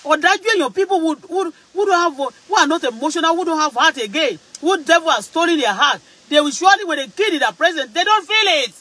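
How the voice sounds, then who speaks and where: A man's voice: very high-pitched, lively intonation, fast, hardly any pauses, bright, forceful tone, rough recording. A man with a Nigerian Yoruba accent, giving an emphatic, repetitive vlog monologue that mixes English and Yoruba. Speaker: vlogger. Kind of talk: preachy casual monologue.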